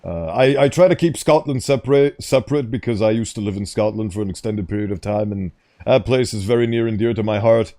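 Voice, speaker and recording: A man's voice: on the low side, fairly quick, mellow. A man giving casual, rambling commentary over a game, easily sidetracked and reading on-screen text aloud. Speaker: gaming streamer.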